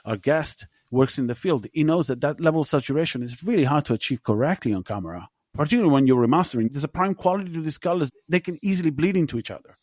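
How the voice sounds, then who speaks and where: A man's voice: a little high, expressive, fast, hardly any pauses, darkish tone, dry recording, clean studio sound. Emphatic man hosting a film podcast. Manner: emphatic, opinionated, swears casually. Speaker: podcast host. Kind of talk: casual film review chat.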